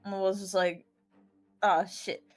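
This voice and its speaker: A woman's voice: medium pitch, little pitch movement, unhurried, faint music behind. A woman on a tabletop game podcast giving a loose, scattered recap, restarting sentences, swearing and laughing. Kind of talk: casual rambling chat.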